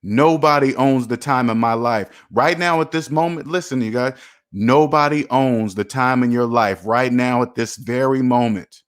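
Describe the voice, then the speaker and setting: A man's voice: medium pitch, moderate pace, clear, resonant tone. Preachy man. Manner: preachy, repetitive, emphatic, addresses viewers as "you guys". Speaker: personal finance channel host. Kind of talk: motivational livestream talk.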